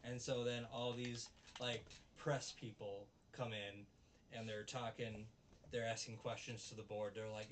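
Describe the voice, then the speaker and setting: A man's voice: fairly low pitch, flat delivery, unhurried, distant mic, slight background noise. A man recapping and reviewing a show in a casual, rambling, enthusiastic way, with many fillers and restarts. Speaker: anime reviewer.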